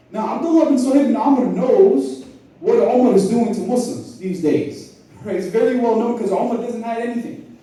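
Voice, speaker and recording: Brief: male lecturer, lively storyteller, dark mellow voice, roomy hall sound from a distance. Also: on the high side. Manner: animated storyteller, acts out dialogue, laughs often. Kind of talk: lecture retelling history in casual slang. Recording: echoey hall, mic at a distance.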